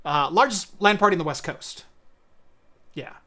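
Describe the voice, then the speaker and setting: A man hosts a relaxed tech podcast in a bright, forward voice. He rambles through jokes and show plugs in loose, easygoing chat. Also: high voice, normal speed. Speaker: podcast host.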